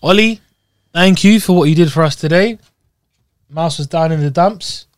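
A man's voice: on the high side, normal speed. A young man from Scotland co-hosting a podcast in loose, rambling, jokey chat. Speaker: podcast co-host. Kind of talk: casual chat.

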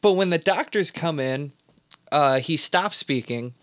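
A man's voice: fairly high pitch, animated, unhurried, a bit bright. A man co-hosting a podcast, recapping a film plot in a loose, rambling way with lots of fillers. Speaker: podcast co-host. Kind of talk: casual film recap chat.

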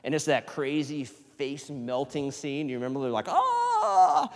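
A male pastor giving a casual, conversational sermon, swinging from loud emphasis to hushed near-whispers. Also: medium pitch, steady tone, moderate pace. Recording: long reverb of a large hall.

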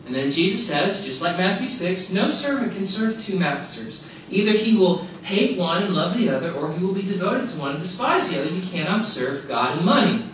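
A man delivers a sermon with emphatic repetition and casual asides. His voice sits high, and the recording is heavily echoey, picked up from a distance with faint background noise. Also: big pitch swings, a little fast, few pauses, a bit bright. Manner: emphatic, repeats key phrases, casual asides. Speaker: pastor. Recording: very echoey room, mic far off, faint noise.

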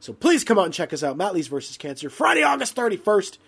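Brash, sweary man, high voice. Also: animated, fast talker, husky. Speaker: podcast co-host. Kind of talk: casual podcast banter.

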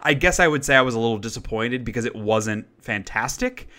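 A man's voice: mid-range voice, animated, brisk, sharp tone. A man co-hosting a podcast, chatting casually about movies he watched, rambling with fillers and restarts. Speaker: podcast co-host. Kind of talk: casual chat reviewing movies.

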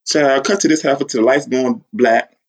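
A man telling a long, excited story in casual chat, acting out quotes and laughing often. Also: moderate pace, a little hiss or hum. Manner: excitable, acts out quotes with big pitch jumps. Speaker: guest, superfan.

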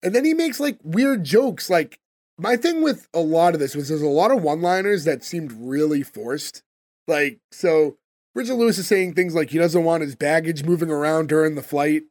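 A man's voice: on the high side, expressive, normal speed, a little mellow, dry recording. A man hosting a casual podcast, recapping scenes and asking puzzled questions. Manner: puzzled, questioning, many "like" fillers. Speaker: podcast host. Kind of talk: casual chat, recapping an episode.

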